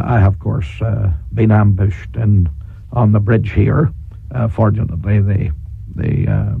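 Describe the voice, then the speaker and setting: A Northern Irish man, a politician and preacher, giving a forthright, deliberate radio interview with frequent chuckles. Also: lowish voice, creaky, breathy edge, no room sound. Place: radio studio. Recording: dry tinny 1980s radio broadcast.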